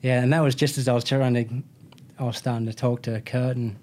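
An Australian man in his thirties, a motorcycle racer, tells a rambling story in casual chat, packed with slang and restarts. His mid-range voice is slightly dark, level in tone, and fairly quick. He keeps correcting himself as the anecdote wanders.

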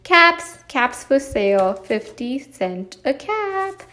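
A woman voicing a loud, high, angry cap peddler. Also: big pitch swings, slow, full character voice. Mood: calling out. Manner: calling out, then shouting angrily. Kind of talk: children's storybook read-aloud.

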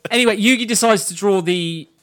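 A man's voice: high voice, a bit bright. A man co-hosting a casual podcast, recapping episodes, swearing and laughing often. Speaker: podcast co-host.

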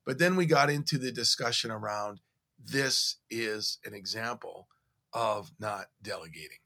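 A man co-hosting a podcast, telling stories in a casual, animated way. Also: fairly low pitch, measured pace, gravelly. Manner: animated storyteller, recounting conversations. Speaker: podcast co-host.

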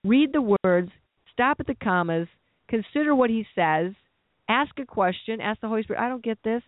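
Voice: medium pitch, animated, moderate pace, no room sound. A preacher giving an earnest sermon, often repeating and restarting phrases as the thought builds. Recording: tinny phone-like dry recording.

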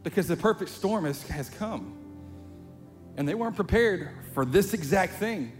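A pastor preaching a sermon in a chatty, conversational way, building to animated emphasis. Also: male voice, sits high, moderate pace. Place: church sanctuary. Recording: long hall reverb, faint music.

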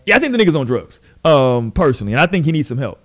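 A man hosting a podcast, telling stories in casual, profane, animated chat and mimicking the people he describes. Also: fairly high pitch, rapid-fire. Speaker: podcast host.

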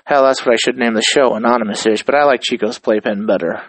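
Man, 30s, solo host; relaxed, profane, reflective ramble; dry recording. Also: medium pitch, fast talker, no room sound, low-quality recording. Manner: loose, profane, reflective and upbeat. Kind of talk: casual rambling monologue.

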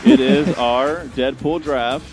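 A man's voice: fairly high pitch, sing-song, slow pace. A man hosting a casual podcast chat, steering the talk with a wry tone. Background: loud music.

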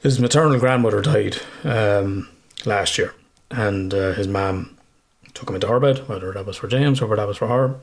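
A podcast host talks in a somewhat low voice. He chats casually and candidly, rambling on and cursing freely as he goes. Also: moderate pace, vocal fry. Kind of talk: casual chat.

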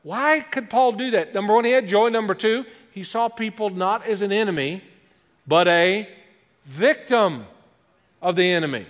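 A man preaching a sermon as a guest pastor, lively, with joking asides about himself. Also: sits high, normal speed. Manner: self-deprecating joking asides, animated delivery. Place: church sanctuary. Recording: long hall reverb.

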